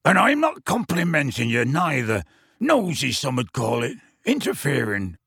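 A man voicing a gruff, battered giant gamekeeper in an audiobook, with slow, rough, rustic speech. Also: medium pitch, wildly swooping pitch, fairly bright tone, dry recording, clean studio sound, exaggerated voice. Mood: indignant. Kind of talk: audiobook reading.

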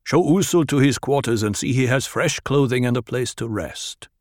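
A man voicing a stern male tribal chief who speaks gravely and with command, in a dry recording. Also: normal speed, dry recording, close to an everyday voice. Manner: grave, commanding, low and even.

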